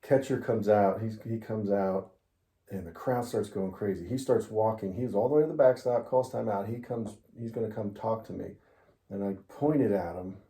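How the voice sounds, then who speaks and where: A middle-aged man tells a story in a relaxed interview, laughing as he talks. His voice is low and dark. The room gives it an echoey, roomy sound. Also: moderate pace. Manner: animated storyteller, laughs often. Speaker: interviewee, father of the host. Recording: roomy echo.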